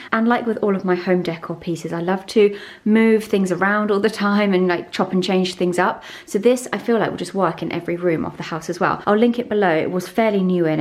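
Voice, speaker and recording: Young woman, enthusiastic, casual vlog host. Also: medium pitch. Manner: gushing, enthusiastic product chat. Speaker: lifestyle vlogger.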